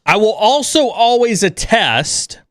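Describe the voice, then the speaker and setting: A man's voice: high-pitched, sing-song, slow pace, no room sound, clean studio sound. A man hosting a livestream chat, talking bluntly and with lots of energy, sometimes mocking others in an overreactive voice. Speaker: stream host.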